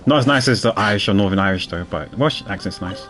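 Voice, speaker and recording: Male streamer, low voice, rambling casual commentary over gameplay. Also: expressive, quick pace, a bit bright, faint music behind. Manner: rambling, repeats words, chuckles often.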